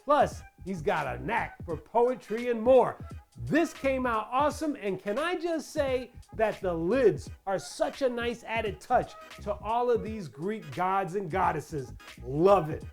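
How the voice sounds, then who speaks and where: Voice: medium pitch, animated, slow, faint music behind. A crafting channel host giving a chatty tutorial voice-over, playful and full of asides and questions to the viewers.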